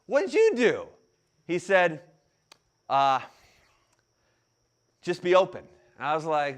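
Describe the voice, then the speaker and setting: A man in his thirties delivers a sermon in a high, very lively voice that rises and falls with each turn of his story. He has a mild stutter and takes deep breaths to keep it in check. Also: slow, long pauses. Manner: animated storytelling, acts out quotes. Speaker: pastor. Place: room with an audience.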